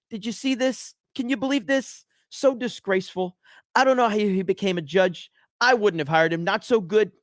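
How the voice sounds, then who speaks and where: A man's voice: high voice, no room sound, studio quality, voice pushed up, natural voice. A man putting on a boastful older male politician, repeating himself and bragging. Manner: bragging, repetitive, self-praising.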